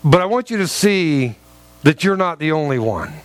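A man's voice: fairly high pitch, big pitch swings, normal speed, clean tone. A man preaching a sermon, telling stories and often repeating words as he restarts. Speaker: pastor.

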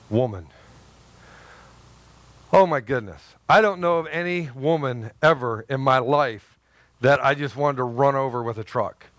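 A man preaching a sermon as pastor, lively and joking, swinging between loud emphasis and soft asides. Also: mid-range voice, no room sound.

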